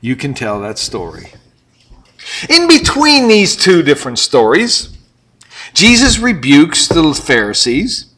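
An older man delivers a sermon with a bright, forceful voice pitched a little high. He peppers the congregation with questions, then drops to near-whispered asides before building back up. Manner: animated, questioning the congregation, swings from loud to quiet. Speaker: pastor.

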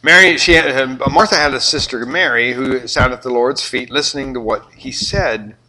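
An older man with a Southern US accent preaching a sermon, animated and joking with his congregation. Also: medium pitch, moderate pace, low-quality recording. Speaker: pastor.

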